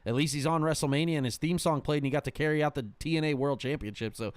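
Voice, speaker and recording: A man's voice: on the high side, fast talker, clean tone, dry recording. A man hosting a podcast in casual chat, blunt and swearing freely, often trailing off with ums. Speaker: podcast host.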